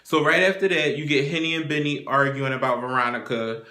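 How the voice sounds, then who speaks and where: A man's voice: medium pitch, steady tone, fairly quick, sharp tone. A man hosting a casual TV episode recap, profane and acting out the characters' lines as he retells scenes. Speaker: TV recap show host. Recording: echoey room.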